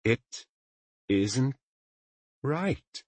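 A man's voice: mid-range voice, animated, extremely slow, husky, no echo, voice pushed up, full character voice. A man voicing a bitter young woman who is furious at her ex-lover, talking through clenched teeth or in a falsely sweet tone. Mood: seething.

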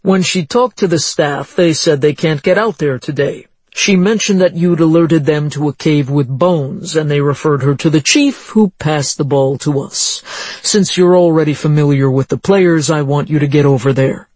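A narrator plays a brisk male police lieutenant in an audiobook, handing out orders in a businesslike way. The reading is dry and close. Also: mid-range voice, a little mellow, no room sound, lightly acted.

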